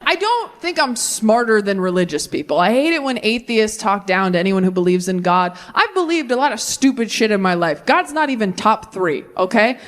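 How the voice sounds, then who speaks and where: A woman's voice: mid-range voice, big pitch swings, moderate pace, few pauses, a bit bright. A woman comedian performing a stand-up set on a club stage, with sarcastic, self-mocking punchlines.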